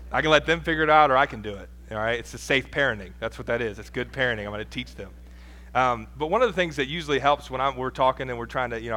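A man's voice: mid-range voice, pushed and bright. A man in his thirties preaching a sermon in a casual, conversational way, with personal stories and asides. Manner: conversational, self-deprecating preaching with asides and laughs. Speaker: pastor.

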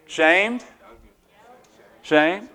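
A man's voice: high voice, very slow, sharp tone. Conversational man preaching a sermon. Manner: conversational preaching, asks the congregation questions, frequent restarts and laughs. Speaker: pastor.

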